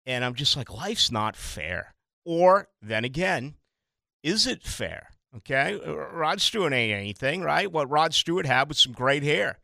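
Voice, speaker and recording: A man's voice: a little high, lively intonation, normal speed, vocal fry, sharp tone, dry recording, clean studio sound. A middle-aged man from Boston, a radio talk show host, rambling through a casual monologue with emphatic asides and stuttered restarts.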